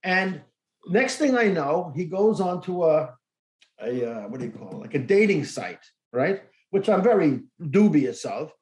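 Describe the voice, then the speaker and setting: A man's voice: fairly high pitch, measured pace. A middle-aged man hosting a podcast, telling a personal story expressively and acting out the dialogue in it. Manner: expressive, acts out quoted dialogue. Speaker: podcast host. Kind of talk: casual interview storytelling. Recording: echoey room.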